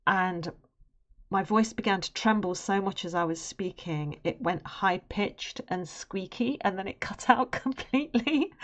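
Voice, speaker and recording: A young adult woman on an art stream, animatedly telling a personal story with laughs. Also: medium pitch. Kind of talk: casual storytelling on a live stream.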